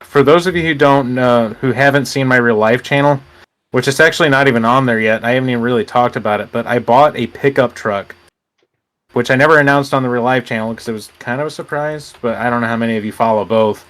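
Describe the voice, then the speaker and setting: A man's voice: medium pitch, fast talker, a bit bright. A young man from Illinois rambling through a casual gaming chat, hesitating with lots of fillers. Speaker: gamer host.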